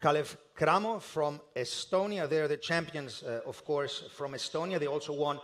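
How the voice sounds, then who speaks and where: A man presenting a live draw ceremony in a formal, measured way, with the occasional hesitation. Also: a little high, a bit bright. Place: indoor ceremony hall.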